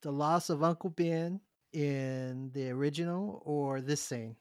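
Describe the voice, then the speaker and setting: A man's voice: fairly high pitch, clean tone, no echo, studio quality. A man in casual chat, talking steadily and putting questions to the others. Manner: steady, measured, leads the talk with questions.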